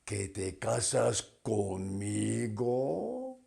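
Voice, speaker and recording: A man's voice: lowish voice, huge pitch swings, drawn-out words, creaky, warm tone, heavily acted. A man voicing a lovestruck male pig in a storybook tale, crooning fawning compliments.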